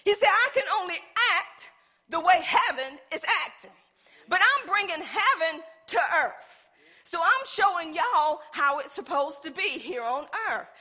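A woman delivers a sermon in a very high, bright and forceful voice. She talks in a folksy, emphatic way and keeps turning to the congregation for a response. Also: animated, measured pace. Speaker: preacher.

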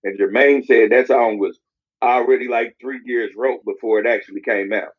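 A man's voice: medium pitch, fairly even intonation, normal speed, slightly rough. A man co-hosting a podcast, telling loose, profane stories in casual chat. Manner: loose, profane storytelling with put-on impressions. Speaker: podcast co-host. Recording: dull lo-fi podcast audio.

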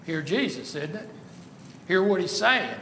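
A man's voice: high-pitched, very animated, measured pace, bright, forceful tone, echoey room, in a large hall, a little hiss or hum. A man preaching a sermon, asking the listeners rhetorical questions and stressing points emphatically.

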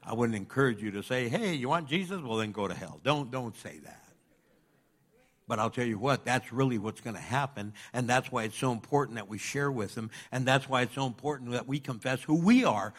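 A man preaching a sermon, animated, jumping between loud outbursts and quiet asides as he acts out the people in his stories. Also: mid-range voice, a little fast. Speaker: pastor.

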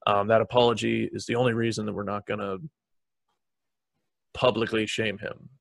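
Brief: low, gravelly man hosting a podcast, dry sarcastic delivery. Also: moderate pace, no room sound. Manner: deadpan, sarcastic. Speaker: podcast host. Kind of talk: casual podcast chat.

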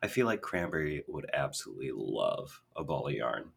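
A young man with a low, husky voice chats loosely as a podcast co-host. He wanders off on tangents and fills gaps with "like" and "you know." He is from Minnesota. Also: sing-song, a little fast, a bit bright. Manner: rambling, full of tangents and fillers. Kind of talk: casual chat.

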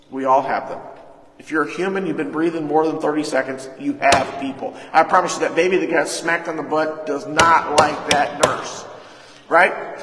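A man's voice: on the high side, background noise. A man pastor preaching a sermon, putting questions to the congregation and answering them. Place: church hall. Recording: echoey hall.

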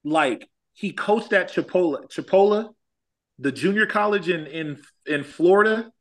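A man's voice: sits high, measured pace. A man from Los Angeles, a former college athlete, telling stories in a casual chat and acting out quotes. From Los Angeles, California. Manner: animated, acts out quotes, says "like" often.

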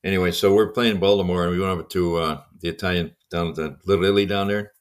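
A man's voice: low-pitched, smooth. An older man, a podcast co-host and former baseball coach, telling anecdotes in casual conversation with frequent chuckles. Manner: fast, lively anecdotes with chuckles.

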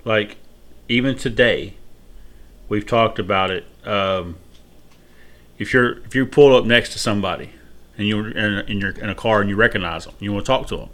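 A man's voice: lowish voice, fairly bright tone. A man co-hosting a casual podcast, telling profane stories and laughing while he retells them. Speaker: podcast co-host. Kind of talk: casual chat.

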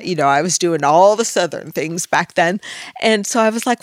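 A woman's voice: medium pitch, moderate pace, no echo, clean studio sound. A woman co-hosting a casual chat, telling stories animatedly and acting out quotes. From Washington State, US. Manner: animated storyteller, acts out quotes. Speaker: podcast co-host.

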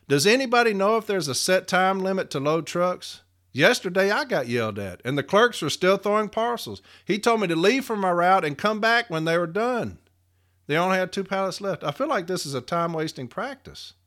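A man's voice: high-pitched, a bit bright. A middle-aged man, a union shop steward, reading workplace data aloud and ranting bluntly with heated, swearing emphasis. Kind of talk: podcast rant, reading and commenting.

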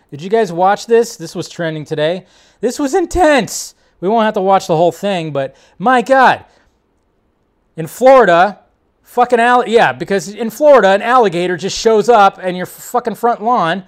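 A man hosting a casual film-news livestream, talking in an animated, swearing, excitable way. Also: on the high side. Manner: animated, swears often, loud bursts. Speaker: host.

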